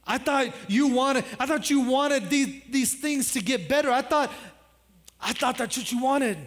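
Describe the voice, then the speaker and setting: A man's voice: very high voice, a little slow, a bit bright. A man preacher voicing God as a patient, insistent father figure during a sermon. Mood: pleading. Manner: pleading, insistent.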